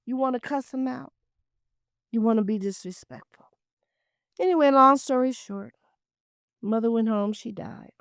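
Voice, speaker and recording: A woman hosting a talk show, telling heartfelt stories in an emphatic, preachy way with repeated phrases, dropping at times to hushed, near-whispered asides. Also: a little high, moderate pace, pauses often, clean tone, no room sound, clean studio sound. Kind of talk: heartfelt storytelling monologue.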